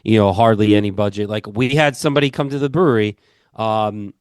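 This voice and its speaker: A man's voice: lowish voice, fairly even intonation, brisk, a little mellow, smooth, dry recording, studio quality. A man with a Long Island New York accent, co-hosting a podcast in casual, rambling chat full of fillers. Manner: rambling, filler-heavy storytelling. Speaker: podcast co-host.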